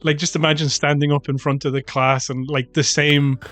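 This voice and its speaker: A man co-hosting a podcast, rambling and animated in casual chat, swearing freely. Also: on the high side, a little fast, faint music behind. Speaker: podcast co-host.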